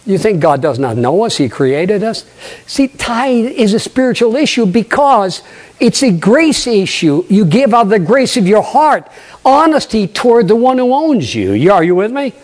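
An older man, a pastor, preaching a lively sermon, acting out conversations and questioning his congregation. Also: high-pitched, moderate pace. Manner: animated preaching, acts out dialogue, asks the congregation questions.

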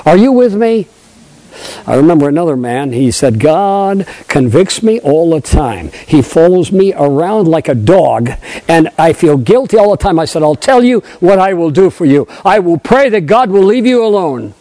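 An older man preaching a sermon, emphatic, repeating phrases and calling for responses from the congregation, dropping into low hushed asides. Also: big pitch swings, moderate pace, dry recording, rough recording. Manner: emphatic, swings between loud high declarations and low hushed asides.

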